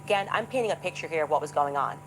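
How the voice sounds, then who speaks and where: A woman's voice: deep voice, expressive, very fast, slight background noise, rough recording. A woman telling a story in a monologue, reading quotes aloud with dramatic emphasis. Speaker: speaker in a played clip.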